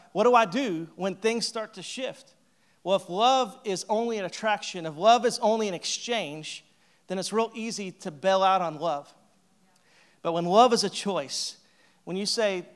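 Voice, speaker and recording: A man with a fairly high voice preaches in an easy, conversational way. He jokes with the congregation and acts out the lines he quotes. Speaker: pastor. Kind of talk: sermon. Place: church sanctuary.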